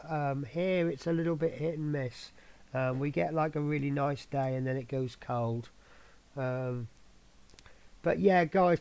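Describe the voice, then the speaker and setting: A man's voice: on the high side, vocal fry, darkish tone. A man hosting his own scale model channel, giving a rambling, chatty update full of ums. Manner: rambling, filler-heavy, chatty.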